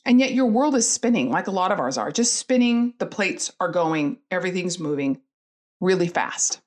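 A woman's voice: fairly low pitch, animated, normal speed. A middle-aged woman telling a personal family story in an earnest, candid way, with many fillers and restarts. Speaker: guest telling her story.

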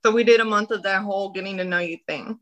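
A woman's voice: medium pitch, fast talker, poor audio. A woman, telling a personal story in a casual interview and acting out the dialogue. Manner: animated, acts out quoted dialogue. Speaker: guest.

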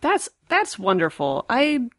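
A woman's voice: a little high, huge pitch swings, takes it slowly, dry recording, studio quality. A woman co-hosting a casual chat, enthusiastic, laughing and tripping over her words.

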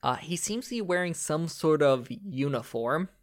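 Man narrating a game, loose and halting. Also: on the high side, expressive. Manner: loose, many fillers and self-corrections. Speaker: game master.

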